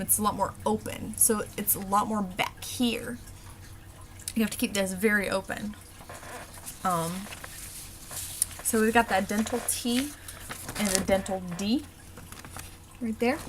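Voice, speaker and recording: A woman dialect coach walking through an accent worksheet, pausing often with ums as she explains the sounds. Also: medium pitch, a bit bright, a little hiss or hum. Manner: halting, many ums and pauses.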